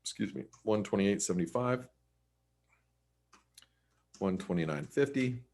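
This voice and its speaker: A man's voice: on the low side, expressive, a little slow, creaky, darkish tone. A man giving a casual live webinar on currency charts, chatty and full of restarts. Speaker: forex market analyst.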